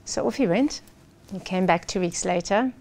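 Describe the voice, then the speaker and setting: A woman coach, a guest in a studio interview, telling a client story in an animated way. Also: lowish voice, moderate pace. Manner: animated storyteller, acts out quoted speech.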